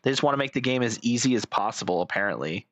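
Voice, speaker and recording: A man's voice: medium pitch, expressive, very fast, a bit bright, no echo. A man giving casual reaction commentary as a streamer, blunt, sarcastic and profane.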